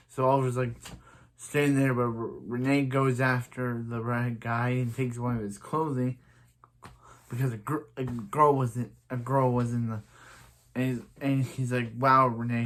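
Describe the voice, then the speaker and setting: A man talks through a TV episode in a loose, rambling recap, full of restarts and "he's like". When he quotes the characters, his voice jumps up now and then. His pitch sits in the middle of the male range. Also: a bit bright. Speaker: show reviewer.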